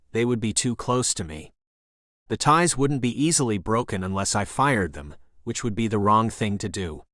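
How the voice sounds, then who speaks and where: Male audiobook narrator, middle pitch, steady measured first-person read, dry studio mic. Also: no room sound.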